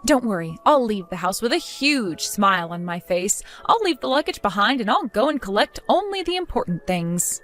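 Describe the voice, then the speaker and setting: A woman voicing a fed-up young wife who answers her mother-in-law with mocking sarcasm, in an animated story drama. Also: mid-range voice, moderate pace, hardly any pauses, faint music behind. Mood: sarcastic.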